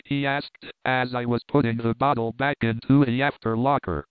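A man giving a measured, even narration of a classic story. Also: mid-range voice, clean tone, dry recording. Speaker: audiobook narrator. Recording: narrow phone-like band, dry.

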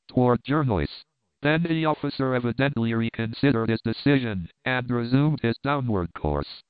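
A man reading an adventure novel aloud in steady, measured narration. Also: mid-range voice, no room sound. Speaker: audiobook narrator. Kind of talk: scripted narration. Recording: crisp, dry, phone-like narrow sound.

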